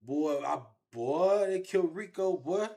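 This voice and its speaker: A man telling his own story in an interview, animated and repetitive, with heavy street slang. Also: on the high side, a little slow. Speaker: interview guest.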